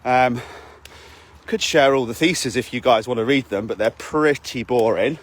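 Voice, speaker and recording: A man's voice: medium pitch, normal speed. A man, a fitness coach, giving a blunt, sweary motivational talk to his camera while out walking, often asking "okay?". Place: outdoors on a walk.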